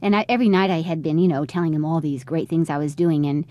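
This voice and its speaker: Middle-aged woman telling her story in an interview, low dark voice, talks quick, does everyone's lines as she goes. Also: fairly even intonation, no room sound. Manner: conversational, re-enacts quoted dialogue. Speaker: interviewee, mother.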